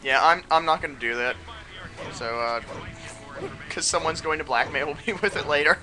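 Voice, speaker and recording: A man hosting a let's play, joking and rambling in casual game commentary. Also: on the high side. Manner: joking, rambling, quick laughs.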